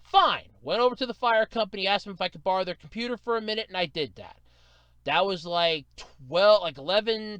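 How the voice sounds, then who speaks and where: Male solo podcaster, exasperated storyteller; smooth, clear voice, very animated delivery. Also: sits high, no room sound. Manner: exasperated storytelling, mimics customer service agents. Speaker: podcast host.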